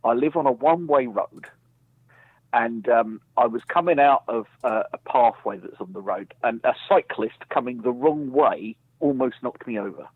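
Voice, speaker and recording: A man's voice: medium pitch, normal speed, husky, dry recording. A man calling into a show, telling a story in a hesitant, rambling way. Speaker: caller. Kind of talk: casual call-in chat. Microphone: phone via voice chat call. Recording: tinny dry phone line.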